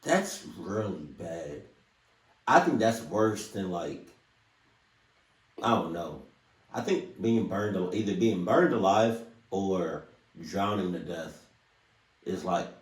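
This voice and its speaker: Slow-talking man reacting, roomy distant sound. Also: sits low. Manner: rambling, joking, trailing off mid-thought. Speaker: reaction video host. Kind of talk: casual reaction commentary.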